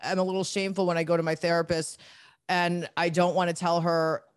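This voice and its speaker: A woman hosting a podcast talks candidly and cracks jokes, laughing often. Her voice sits on the low side for a woman. The sound is close and dry, with no room in it. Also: level tone, fairly quick, clear, resonant tone, no room sound. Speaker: podcast host. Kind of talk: casual chat.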